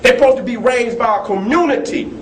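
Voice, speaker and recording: Man with a high voice, animated and profane, telling stories in a roomy space. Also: fairly quick. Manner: animated, profane, storytelling with laughs. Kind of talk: heated talk. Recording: echoey room with faint noise.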